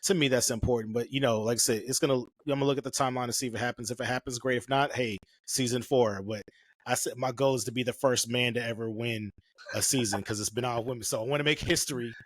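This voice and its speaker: A man's voice: mid-range voice, no room sound, studio quality. A man in his forties, a photographer hosting a podcast, chatting casually and jumping into playful impressions as he tells stories. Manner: quick, animated storytelling that breaks into playful impressions.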